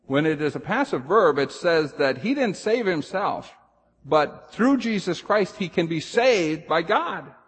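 A pastor preaching a sermon with emphasis, rising loud on key phrases and dropping low and slow to drive points home. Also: male voice, expressive, long reverb tail, a little hiss or hum.

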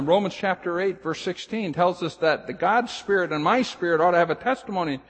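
A man preaches with a somewhat high, husky voice, surging louder on the phrases he stresses and sinking low and slow to press a point. His words ring out with the long reverb of a large hall. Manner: emphatic preaching, rising loud on key phrases, drops low to slow down. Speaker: pastor. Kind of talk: sermon.

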